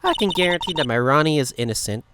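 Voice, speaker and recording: A man's voice: fairly high pitch, lively intonation, fast talker, heavy background noise, close to an everyday voice. A man voicing a doting, flirty woman with French affectations, sweet and sing-song, over game music.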